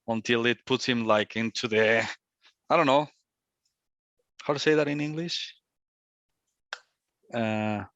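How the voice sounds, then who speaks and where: A man's voice: mid-range voice, a bit bright, no room sound. A man giving a reflective satsang talk as a spiritual teacher, repeating and circling back on his phrases. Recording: dull, lo-fi, dry.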